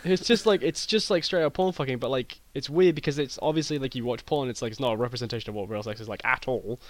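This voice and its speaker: A British man rattles through an improvised comic tale at a quick clip, piling up fillers and restarts in a deadpan tone. His voice sounds dry and close, with no room around it. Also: medium pitch, no echo. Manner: rambling, filler-heavy, deadpan. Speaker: podcast co-host.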